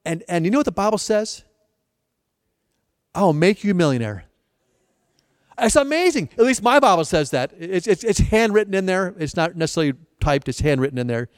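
A man's voice: high-pitched, expressive, fast talker, few pauses, clear, resonant tone, no echo, studio quality, in a large hall. A male pastor giving a sermon, telling stories with repeated restarts and playful asides.

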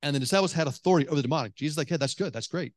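Animated male preacher, dry close sound. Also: fairly high pitch, rapid-fire, no room sound. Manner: animated storytelling, many restarts and "like". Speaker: pastor. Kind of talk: sermon. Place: church hall with congregation.

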